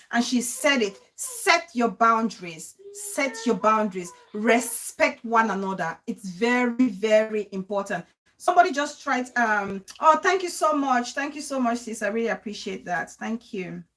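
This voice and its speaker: Effusive high-voiced woman show host. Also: animated, moderate pace. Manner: effusive, frequent affirmations, laughs often. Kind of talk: casual live-show chat.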